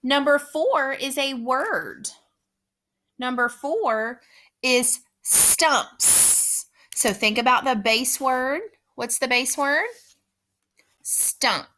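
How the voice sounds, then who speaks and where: Slow, patient woman teacher. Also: sits high, expressive, bright, forceful tone. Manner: slow, patient, repeats words carefully. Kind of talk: spelling dictation lesson.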